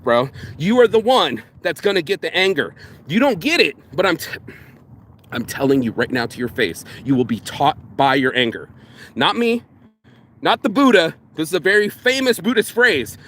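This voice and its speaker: A fired-up man vents straight to camera, his voice sitting a little high. He lurches from loud, mocking impressions to low, menacing mutters, swearing freely. A faint hum of room noise sits behind him. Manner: animated, profane, swings between loud mocking quotes and low intense asides. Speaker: vlogger. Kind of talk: casual ranting monologue.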